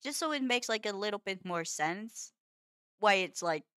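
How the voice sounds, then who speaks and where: A woman's voice: mid-range voice, animated, moderate pace, fairly bright tone, no echo, clean studio sound. A woman streaming a building game, chatting casually, scolding the game in playful frustration and laughing often. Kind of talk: casual gameplay chat.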